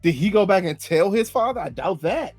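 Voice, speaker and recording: A man co-hosting a casual TV recap show, animated and jokey. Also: high-pitched, fairly quick, no echo, soft background music. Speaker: co-host.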